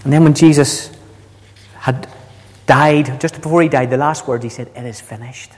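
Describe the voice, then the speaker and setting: A man preaching a sermon with dramatic delivery, slowing down for quoted words. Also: on the high side, steady tone, darkish tone. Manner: dramatic, slows for quoted lines. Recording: long hall reverb.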